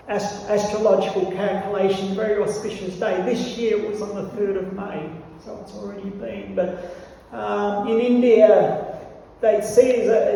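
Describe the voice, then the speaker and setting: A man's voice: dark tone, far from the mic, a little hiss or hum. Storytelling man in an echoey temple hall. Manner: acts out child's pleading in a higher voice. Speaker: temple class speaker. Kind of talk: storytelling scripture class.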